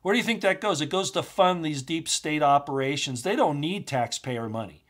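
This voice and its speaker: Male host, fairly high voice, heated monologue, firing off rhetorical questions. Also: animated, normal speed. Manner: starts low and subdued, grows loud and agitated, rhetorical questions. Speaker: commentary channel host. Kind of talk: impassioned political monologue.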